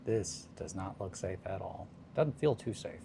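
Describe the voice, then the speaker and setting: A man's voice: deep voice, expressive, a little slow, gravelly, dark tone, slight background noise. Rambling laid-back hobby streamer man. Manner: rambling, self-deprecating, laughs often. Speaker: hobby livestream host. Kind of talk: casual chat while crafting.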